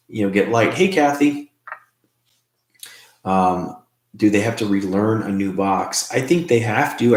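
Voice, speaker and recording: Low-voiced man hosting a live stream. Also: echoey room. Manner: rambling, halting, restarts often. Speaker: host. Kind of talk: live-stream chat about spirit box sessions.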